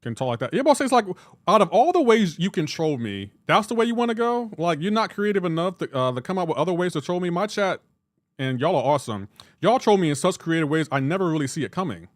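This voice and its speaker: Animated young male game streamer. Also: high voice, quick pace, no echo, studio quality. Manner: animated, joking with chat. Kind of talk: live game stream chat.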